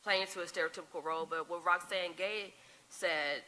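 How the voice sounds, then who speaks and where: A woman's voice: fairly low pitch, fairly even intonation, moderate pace, bright, forceful tone, a little hiss or hum. A woman on a symposium panel, speaking frankly and emphatically and repeating herself with fillers. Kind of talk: conversational panel discussion.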